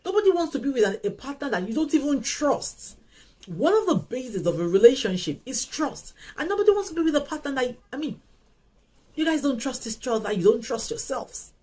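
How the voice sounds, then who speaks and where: Host, woman; husky, repeats points with emphasis. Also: high-pitched, a little fast, poor audio. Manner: animated, emphatic, repeats phrases and restarts. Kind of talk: casual advice talk.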